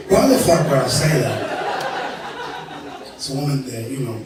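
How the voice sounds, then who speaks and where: A man's voice: mid-range voice, expressive, moderate pace, long pauses. A man from Indiana doing a live stand-up set, profane and self-deprecating, acting out characters. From Indiana, USA. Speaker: stand-up comedian. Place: live comedy venue. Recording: echoey venue from far off with crowd.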